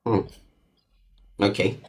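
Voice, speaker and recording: A man's voice: slow pace, crowd noise. A man hosting an interview, recapping the story and prompting the guest. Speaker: host. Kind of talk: conversational interview.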